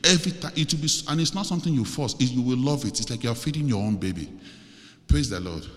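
Man, preacher, sermon and led prayer, earnest, pleading, mid-pitched voice, church with long echoing reverb. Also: fast talker, a bit bright. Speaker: visiting preacher.

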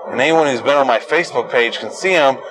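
A young adult man hosting his own show, delivering an angry, profane solo rant that bursts into yelling at its peaks. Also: medium pitch, fast, rough recording. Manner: profane, combative and ranting. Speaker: host.

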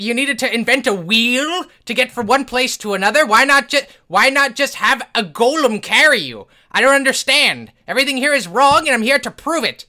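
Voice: medium pitch, bright, forceful tone, voice pushed up. A game master voicing an arrogant, old-fashioned half-elf wizard who rants pompously. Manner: pompous, ranting.

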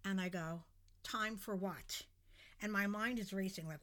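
A middle-aged woman telling a story in a casual podcast chat, animated and dramatic. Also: medium pitch, measured pace.

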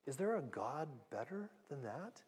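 A man gives a conversational sermon in a fairly high, mellow voice. He speaks earnestly and directly, often restarting and repeating his words. The long reverb of a church hall trails behind him. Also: very animated, normal speed, breathy edge. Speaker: pastor teaching a Bible passage.

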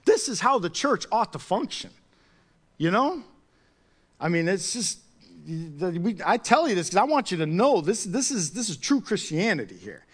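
A man preaching a sermon as pastor, telling a personal story in a chatty, animated way with many restarts. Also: high voice, normal speed, husky.

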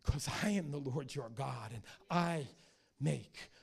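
A man voicing God as a calm, soft-spoken male deity with firm authority. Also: medium pitch, unhurried, pitched below the performer's own voice.

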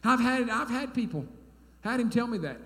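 A man, preaching a sermon as a pastor in folksy storytelling style, dropping to quiet asides and rising to loud, emphatic bursts. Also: very high voice, lively intonation, moderate pace. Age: 30s. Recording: echoey hall.

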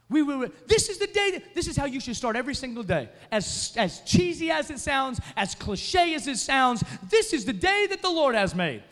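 A man preaching a sermon as pastor, telling a story and then building to loud, emphatic preaching. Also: very high-pitched, expressive, brisk, few pauses. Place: church sanctuary. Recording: long reverb of a large hall.

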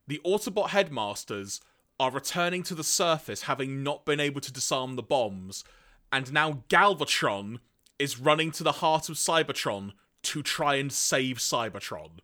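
A man's voice: medium pitch, normal speed. A man co-hosting a podcast, recapping episodes in a casual, storytelling way. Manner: storytelling, animated. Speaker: podcast co-host recapping a cartoon.

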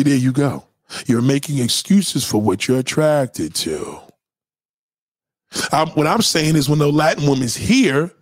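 A man with a high, very lively voice rants to his livestream chat, blunt and full of profanity. He repeats his points again and again for emphasis. The sound is dry and close, with no room around it. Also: no echo. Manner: blunt, profane, animated ranting. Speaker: livestream host reacting to chat. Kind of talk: unscripted livestream commentary.

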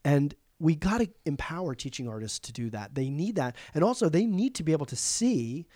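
A man's voice: on the high side, very animated, a little fast, mellow, no room sound, studio quality. A man talking casually about his work as an arts education administrator, reflective and thinking aloud with frequent fillers. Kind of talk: casual conversation.

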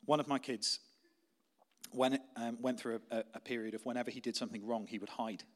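A young adult man delivering a sermon as pastor, his voice sitting at an ordinary middle pitch. He talks conversationally, weaving in personal stories. He drops to a hushed, intense tone when he presses a point home. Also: steady tone, fairly quick. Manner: conversational, anecdotal preaching, softening to quiet intensity.

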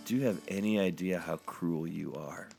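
A man's voice: deep voice, normal speed, creaky, music in the background. A man voicing a bitter, scornful woman who is married to the narrator. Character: bitter, huge candy-addicted wife.

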